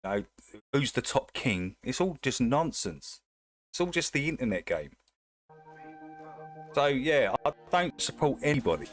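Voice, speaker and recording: A man's voice: medium pitch, very animated, unhurried, long pauses, faint music behind. A man with an Essex and North London accent, hosting a casual livestream and chatting bluntly with his viewers in a rambling way. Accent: Essex / North London English. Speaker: livestream host.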